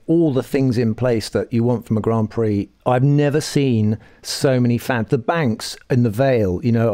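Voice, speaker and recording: An older man with a mid-pitched, even voice, telling dry, self-mocking anecdotes in a relaxed podcast chat. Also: dry recording. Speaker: podcast pundit. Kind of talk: casual chat.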